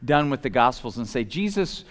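A man preaching a casual, animated sermon, swinging from loud emphatic shouts to soft low asides, with lots of conversational fillers. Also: a little fast. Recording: long hall reverb.

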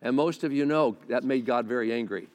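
A man's voice: mid-range voice, a little fast. A male pastor preaching a sermon to a congregation on a close microphone, talking conversationally with stammered restarts and side remarks. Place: large hall with a congregation. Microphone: close mic near the face. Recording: long church-hall reverb.

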